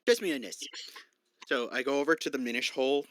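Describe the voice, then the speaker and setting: A man playing a tabletop game, speaking softly as he reasons things out. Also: medium pitch, animated, fast, a little hiss or hum. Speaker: player. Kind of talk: casual tabletop role-play.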